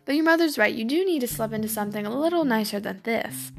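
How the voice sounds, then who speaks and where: A woman's voice: on the high side, animated, fast, vocal fry, music in the background. Woman doing giggly little storybook fairies. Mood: bubbly. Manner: bubbly, fussy.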